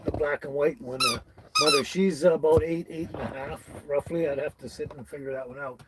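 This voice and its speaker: A man's voice: on the high side, animated, brisk, a bit bright, a little hiss or hum, rough recording. A man from British Columbia, hosting a casual live stream and greeting viewers by name in a folksy way. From British Columbia, Canada. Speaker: livestream host. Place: tiny house with dogs nearby.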